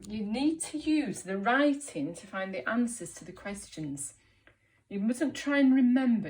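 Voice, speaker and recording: A woman teaching a reading lesson to young children, encouraging and clear, making animal noises along the way. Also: medium pitch, a little mellow. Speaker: primary school teacher.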